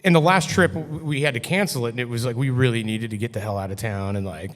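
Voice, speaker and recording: A fast-talking man with a mid-range voice appears as a podcast guest and tells a story. He keeps it loose and foul-mouthed, saying "like" over and over. Long hall reverb fills the brewery taproom where he's recorded.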